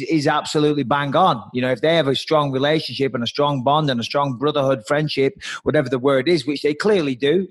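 A man chatting casually on a podcast, blunt and full of swearing. His voice sits a bit high. He talks in an animated, no-nonsense way. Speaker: podcast co-host.

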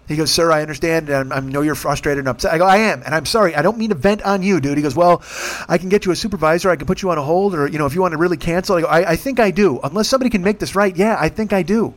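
A man's voice: on the high side, very fast. A man telling a profane, comic story as a rant, acting out the people he quotes in put-on voices. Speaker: podcast host.

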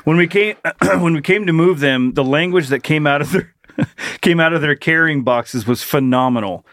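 A man's voice: on the high side, normal speed, a bit bright, no echo, clean studio sound. A man co-hosting a crude comedy podcast, reading odd news stories aloud and laughing through them. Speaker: podcast co-host.

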